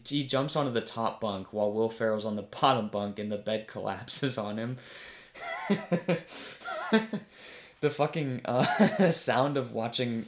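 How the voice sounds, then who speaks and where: A man's voice: fairly low pitch, roomy sound. A man talking casually and enthusiastically about a film he loves, rambling, laughing often and swearing freely. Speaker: vlogger reviewing a comedy film. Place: home room with his dog nearby.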